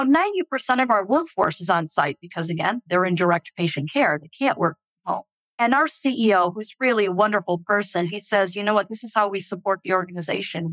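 An older woman from England, a hospital technology executive, talking in a casual interview with animated, storytelling delivery. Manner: animated, expressive storytelling with quick pitch jumps. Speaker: hospital chief information officer, guest.

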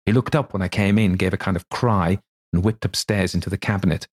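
A loyal old manservant, shaken and insistent, telling his tale in plain, earnest words, voiced by a man reading the story. The voice sits low and full. It is an audiobook reading, not a full cast. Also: fairly even intonation, brisk, breathy edge. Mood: frightened. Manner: earnest, plain-spoken servant's speech. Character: loyal frightened old male butler.

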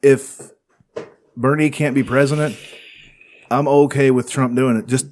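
A man's voice: medium pitch, steady tone, unhurried, a little mellow. A man hosting a podcast, chatting crudely and jokily, laughing often and swearing freely. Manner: laughs often, jokey and profane. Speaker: podcast host. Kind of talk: casual crude banter.

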